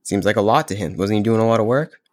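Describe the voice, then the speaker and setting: Laid-back male guest, low-pitched, relaxed spiritual chat, gropes for words. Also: fast talker, dry recording. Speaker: podcast guest. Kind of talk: casual spiritual conversation.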